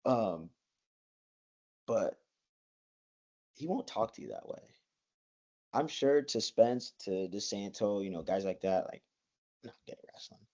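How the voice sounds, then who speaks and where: A man's voice: on the low side, expressive, slow pace, long pauses, darkish tone. A young man in his twenties, a college wrestler, chatting as a guest in a rambling way, full of likes and restarts. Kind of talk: casual interview. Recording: dull lo-fi sound.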